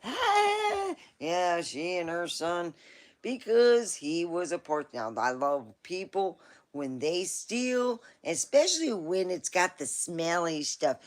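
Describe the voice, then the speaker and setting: A woman's voice: lowish voice, lively intonation, takes it slowly. A woman hosting a live stream, chatting casually in a rambling, folksy storytelling way.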